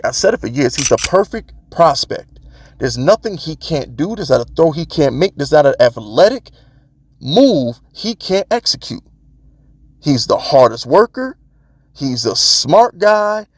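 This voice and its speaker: Guy ranting about his team into a close mic, kinda gravelly, slightly high voice, keeps hammering the same point. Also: no echo. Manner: emphatic, preachy, repeats points for emphasis. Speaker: sports fan vlogger. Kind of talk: casual opinion rant.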